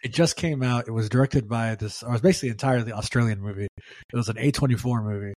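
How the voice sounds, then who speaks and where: A man hosting a casual podcast chat, easygoing and quick to laugh, asking loose, rambling questions. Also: medium pitch, darkish tone, dry recording. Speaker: podcast host.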